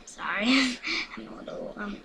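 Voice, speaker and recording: A woman's voice: on the high side, measured pace, gravelly, background noise. A woman recording casual gameplay commentary at home, hyper and chatty, with frequent whispered asides. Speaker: gaming vlogger.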